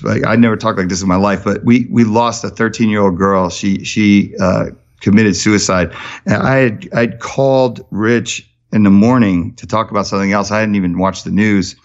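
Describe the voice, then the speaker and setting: Energetic storytelling man, lo-fi sound. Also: lowish voice. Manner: energetic storyteller, rapid and animated. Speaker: podcast guest, charity founder. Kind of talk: casual podcast conversation.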